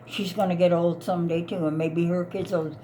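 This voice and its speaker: A woman's voice: lowish voice, level tone, brisk, warm tone, a little hiss or hum. Upset woman in her eighties. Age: 80s. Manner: upset, pleading and repetitive. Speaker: elderly mother. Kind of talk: heated family argument.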